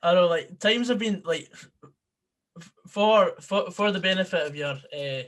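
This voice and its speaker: A man with a fairly high voice hosts a relaxed podcast chat. He eggs his guest on and chips in with his own remarks. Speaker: podcast host. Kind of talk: casual chat.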